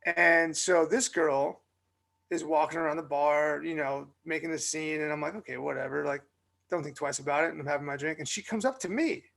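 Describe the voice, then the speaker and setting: A man's voice: on the high side, fairly quick, gravelly, fairly bright tone. A young adult man, co-hosting a podcast and telling a long story in a chatty, filler-heavy way. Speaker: podcast co-host. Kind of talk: casual storytelling chat.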